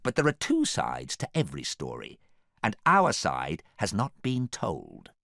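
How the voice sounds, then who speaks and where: A man voicing a scheming, smooth-talking young prince who delivers theatrical, persuasive speeches. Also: deep voice, huge pitch swings, unhurried, fairly bright tone, dry recording, clean studio sound, heavily acted.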